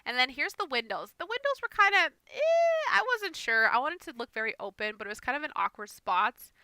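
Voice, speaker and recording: A woman's voice: high voice, expressive, a little fast, pushed and bright, smooth, dry recording. A young woman rambling casually through a gameplay voiceover, a little nervous and self-conscious. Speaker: gaming streamer.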